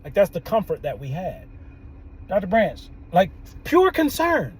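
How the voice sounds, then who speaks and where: A man, a therapist and podcast host, telling a story in an animated way, often laughing and quoting people. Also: sits high, a little slow, breathy edge, rough recording. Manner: animated, laughs often, quotes people in their own voices. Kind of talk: storytelling monologue.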